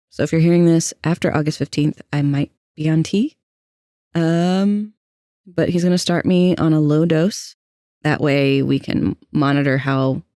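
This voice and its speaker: Candid trans man with a gravelly voice. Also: fairly high pitch, darkish tone, no room sound, clean studio sound. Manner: candid, anxious, self-deprecating storytelling. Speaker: podcast co-host. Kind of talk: casual personal storytelling.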